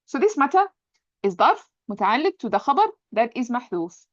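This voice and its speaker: A woman's voice: on the high side, sing-song, fast, dry recording, highs cut off. A woman teaching an Arabic grammar lesson, patiently explaining step by step and often checking with "right?". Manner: patient, repeats points, checks understanding with "right?".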